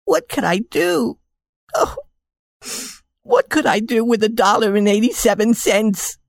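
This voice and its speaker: A man's voice: high voice, animated, measured pace, gravelly, no echo, voice pushed up, full character voice. A man voicing an anxious, loving young wife in a storybook reading, pleading and breathless.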